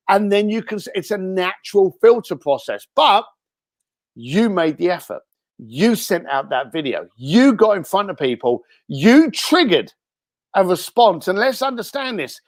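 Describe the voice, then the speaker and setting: A British man, a guest on an interview show, giving casual advice in an animated way and acting out what people might say. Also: sits high, normal speed, dry recording, studio quality. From Britain. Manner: animated, acts out quoted speech.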